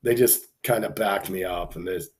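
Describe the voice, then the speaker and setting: A man with a lowish voice spins a casual story. He talks loosely, full of "you know" and "like", and jumps into the voices of the people he met. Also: a little fast. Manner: animated storyteller, acts out quoted people, frequent fillers. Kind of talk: casual anecdote telling.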